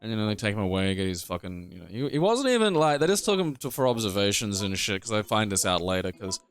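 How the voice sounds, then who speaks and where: A man's voice: lowish voice, big pitch swings, quick pace. A young Australian man telling a rambling, profane anecdote in casual chat over a game playthrough, often laughing. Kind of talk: casual let's-play storytelling.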